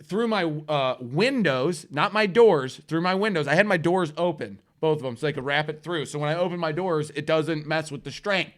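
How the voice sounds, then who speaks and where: A man's voice: fairly high pitch, moderate pace, few pauses. A man hosting a live internet show, telling a rambling, profane, self-mocking story. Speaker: host.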